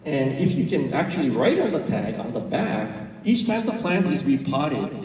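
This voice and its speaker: A man giving a club presentation, explaining things in an unhurried way with fillers and self-corrections. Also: mellow. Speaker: orchid society speaker. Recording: roomy hall, distant mic, faint rumble.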